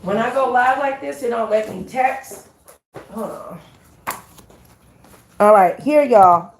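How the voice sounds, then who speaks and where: Slow-talking, high-voiced woman live streamer. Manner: chatty, addresses viewers as "y'all", reads numbers out slowly. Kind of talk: casual live stream chat.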